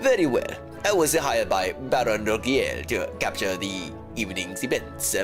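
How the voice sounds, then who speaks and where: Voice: medium pitch, huge pitch swings, fairly quick, creaky, music in the background. A streamer voicing a pompous, vain bird photographer in a courtroom game, boasting in a mock Italian accent. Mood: boastful.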